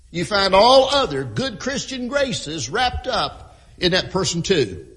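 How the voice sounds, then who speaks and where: Slow emphatic preacher in a reverberant church. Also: male voice, high-pitched, very animated, a bit bright. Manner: emphatic, repeats key phrases, frequent throat clearing. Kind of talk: sermon. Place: church with a sound crew. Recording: long hall reverb.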